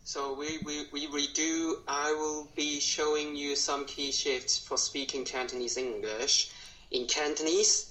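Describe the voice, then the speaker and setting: Slow, patient male language tutor. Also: fairly high pitch, a bit bright, low-quality recording. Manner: slow, careful, repeats each phrase. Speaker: Cantonese tutor. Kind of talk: language lesson.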